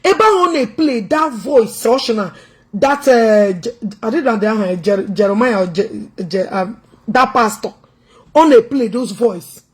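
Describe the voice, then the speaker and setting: Husky high-voiced Nigerian woman taunting. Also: expressive, normal speed. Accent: Nigerian, Igbo. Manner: taunting, confrontational, loud and teasing. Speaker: online commentator. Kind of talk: mocking commentary vlog, mixing Igbo, English and Pidgin.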